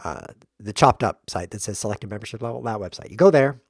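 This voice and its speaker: A man hosting a chess stream, joking through playful deadpan tangents and mock lectures while he plays. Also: lowish voice, fast talker, no echo, clean studio sound. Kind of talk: rambling comedic commentary while playing.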